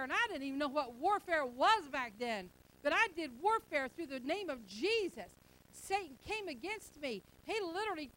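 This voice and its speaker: A woman's voice: extremely high pitch, a bit bright, poor audio. A middle-aged woman pastor preaching a sermon, emphatic and repetitive, acting out bits of everyday dialogue.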